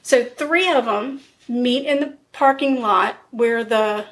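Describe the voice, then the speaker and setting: On a podcast she co-hosts, a woman recounts a true-crime case in a relaxed, lively way, performing the lines people said. She speaks a little high and takes her time.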